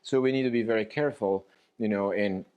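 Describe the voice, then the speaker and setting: A man's voice: fairly low pitch, a little fast, dull audio. Blunt, profane man lecturing on dog training. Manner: blunt, profane, animated and joking.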